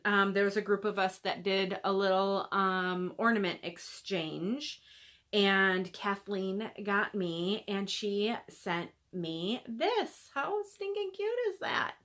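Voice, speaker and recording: A woman hosting a cross-stitch video, chatting casually and gushing over gifts, with lots of fillers and soft asides. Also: mid-range voice. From American Midwest. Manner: gushing, chatty, many fillers, drops to near-whispers. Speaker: Flosstube host showing gifts. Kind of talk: casual chat to camera.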